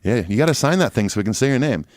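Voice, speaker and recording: A man co-hosting a music podcast, relaxed and agreeable, reading listener emails with many fillers. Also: medium pitch, racing, no room sound, clean studio sound. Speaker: podcast co-host.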